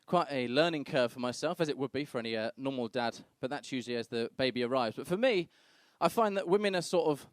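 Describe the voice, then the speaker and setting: Medium-pitched and animated, the young man is a fast talker with few pauses, recorded in studio quality without echo. His stand-up set features crude, brash storytelling with other people's voices acted out.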